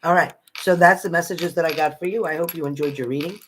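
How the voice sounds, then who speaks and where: A man's voice: on the high side, fairly even intonation, fast talker, a bit bright, a little hiss or hum. A man giving live psychic readings to viewers from home in a chatty manner, repeating phrases and calling people by name. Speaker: psychic reader.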